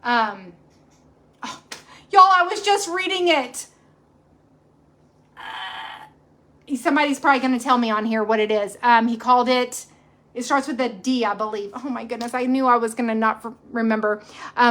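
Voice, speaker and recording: A woman's voice: fairly high pitch, normal speed, pauses often, a bit bright. A woman, chatting casually and rambling to her viewers as a cooking channel host. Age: 40s. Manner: rambling, chatty, self-correcting. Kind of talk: casual livestream chat.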